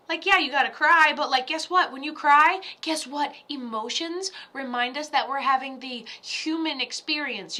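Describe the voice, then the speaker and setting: Bright, high-voiced woman medium. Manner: blunt, profane, pep-talk delivery. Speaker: psychic medium. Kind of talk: live-stream mediumship reading.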